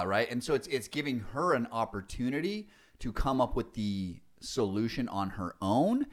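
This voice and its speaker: A young man hosting a casual podcast about parenting, joking and animated, acting out quotes as he talks. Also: mid-range voice, normal speed. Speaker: podcast host, father.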